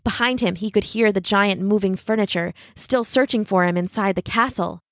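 A woman reads a fairy tale aloud in a scripted, expressive manner. Her voice sits at a middle pitch. She draws out tense moments, and the sound is close and dry with no room around it. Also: moderate pace, no room sound. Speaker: storyteller.

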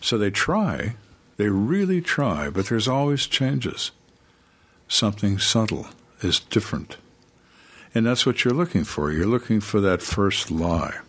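Husky older man telling stories. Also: on the low side. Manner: calm, dry, acts out suspects' lines. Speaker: retired homicide detective, guest. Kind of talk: storytelling in interview.

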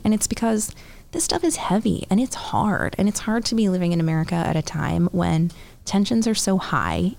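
A woman's voice: medium pitch, gravelly, a little mellow. A woman running for Congress, talking earnestly in an interview, laying out points in lists and often checking in with "right?". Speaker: congressional candidate. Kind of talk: political interview.

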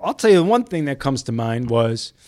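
A man from Chicago, a news photojournalist, tells a story as a podcast guest, his mid-pitched voice rising and falling with animation. He sounds dry and close, with no room around him. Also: very animated, a little fast, a little mellow, dry recording. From Chicago, USA. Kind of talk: storytelling in casual chat.

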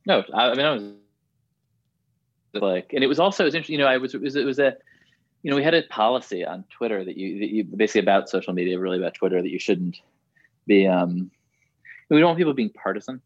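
A man's voice: on the low side, lively intonation, quick pace, long pauses, no echo. Man, journalist guest, thoughtful, hedging, muffled lo-fi sound. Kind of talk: casual interview chat.

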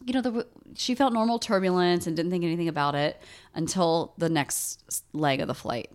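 A woman's voice: lowish voice, fairly quick, smooth. A woman co-hosting a podcast, chatting casually and retelling a listener's story with plenty of fillers. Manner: chatty, reads listener emails aloud with lots of fillers. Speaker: podcast co-host.

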